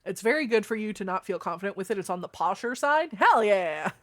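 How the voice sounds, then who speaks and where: A young adult woman streamer chatting casually with her viewers, swearing freely, with a deeper voice than most women. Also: lively intonation, quick pace, a bit bright. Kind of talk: casual live-stream chat.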